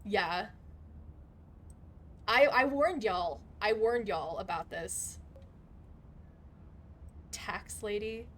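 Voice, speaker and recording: A young adult woman streaming a game live, chatting casually and swearing constantly, with loud outbursts. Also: mid-range voice, drawn-out words, long pauses, a little hiss or hum. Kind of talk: casual gaming livestream chat.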